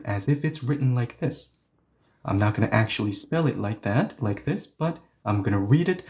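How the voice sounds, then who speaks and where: Mellow-voiced man teaching a language lesson. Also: lowish voice, normal speed. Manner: animated, explains step by step, often asks "right?".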